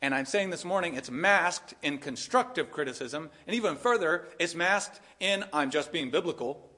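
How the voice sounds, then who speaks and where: A man preaching a sermon with a high, bright voice. He drops low for dry, sarcastic asides, then rises into loud, emphatic preaching. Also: expressive, moderate pace. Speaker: pastor.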